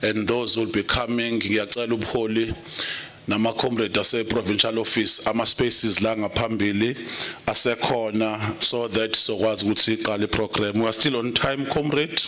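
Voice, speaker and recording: A man's voice: lowish voice, sharp tone. A man chairing a political meeting, mixing English and Zulu and calling the audience comrade. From South Africa. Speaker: program director. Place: conference hall.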